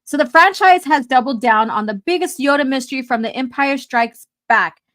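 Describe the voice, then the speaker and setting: A woman's voice: high voice, normal speed, fairly bright tone. A woman hosting a casual live stream, laughing often as she reads chat messages aloud. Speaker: host.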